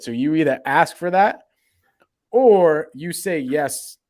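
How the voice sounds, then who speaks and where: A man's voice: a little high, expressive, slow pace, a little mellow. A man co-hosting a sales podcast, talking in a slangy, storytelling way and acting out bits of conversation. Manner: storytelling, slangy, acts out dialogue. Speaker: co-host, sales coach. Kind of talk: casual podcast chat.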